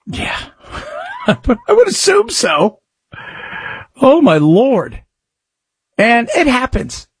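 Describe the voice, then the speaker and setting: Talk radio guy riffing casually, kinda husky, dry close mic. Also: very high-pitched, huge pitch swings, slow pace, pauses often, no room sound. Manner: rambling, conversational, emphatic rises. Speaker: radio talk show host.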